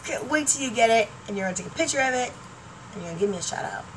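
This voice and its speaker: A middle-aged woman chatting in a rambling, excitable way on her home vlog, laughing often and trailing off mid-thought. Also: on the high side, very fast. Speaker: YouTuber. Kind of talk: rambling casual vlog chat. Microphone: laptop webcam mic. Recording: distant mic, faint room noise.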